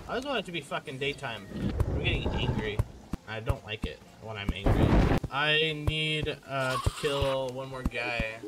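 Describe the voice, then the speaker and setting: A young man giving rambling, self-mocking commentary while playing a game, swinging between mumbles and loud outbursts. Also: medium pitch. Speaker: gaming YouTuber. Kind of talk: casual gameplay commentary. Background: game music.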